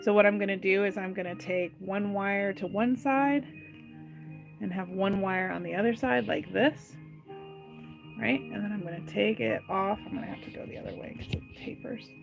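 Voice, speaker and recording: Over background music and a rough recording, a woman with a mid-range, vocal-fry voice walks viewers through wire wrapping at a moderate pace. As the jewelry maker works live, she takes each step slowly and chats, reading out and responding to viewer comments in between.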